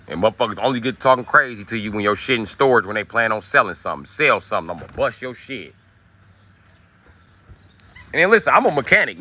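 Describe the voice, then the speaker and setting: A man rants on his livestream, swearing freely and combatively. His voice is bright and forceful, with a tense edge. He talks in a loose, casual way. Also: mid-range voice. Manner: profane, combative ranting. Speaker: livestream host.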